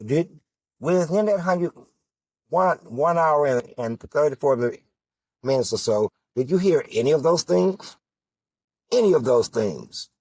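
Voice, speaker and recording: Husky, measured man, fierce rhetoric. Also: on the high side, lively intonation, darkish tone, no echo. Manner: rhetorical questions, emphatic repetition. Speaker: political candidate. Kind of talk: impassioned political monologue.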